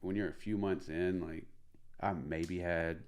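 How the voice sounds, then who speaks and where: A man from Middle Tennessee, a comedian guest telling an animated story full of fillers. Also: low voice, measured pace. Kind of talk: casual storytelling.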